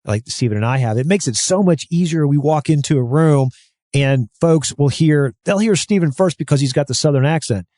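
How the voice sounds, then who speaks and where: A man's voice: a little high, expressive, a little fast, mellow, no echo, studio quality. A man co-hosting a real estate podcast, talking at length in a rambling, friendly chat with many restarts. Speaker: podcast co-host. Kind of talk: casual chat.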